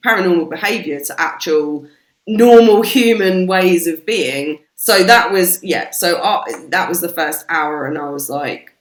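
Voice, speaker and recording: British woman, low voice, lively casual storyteller, swears freely, echoey room. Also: unhurried. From Britain. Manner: animated, swears freely, acts out quoted voices. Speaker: podcast guest. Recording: roomy echo.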